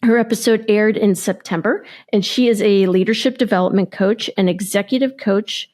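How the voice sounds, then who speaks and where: A woman hosting a podcast, introducing a segment in a playful, upbeat way and cheering her guest on with quick affirmations. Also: mid-range voice, darkish tone. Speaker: podcast host. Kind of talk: scripted segment intro and interview chat.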